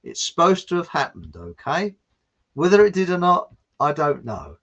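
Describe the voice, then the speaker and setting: A man from southern England chats loosely and rambles through long jokes, laughing at his own punchlines. His voice sits a little high. The recording is dull and lo-fi. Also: sing-song, moderate pace, fairly bright tone. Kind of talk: rambling casual chat with jokes. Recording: dull lo-fi sound.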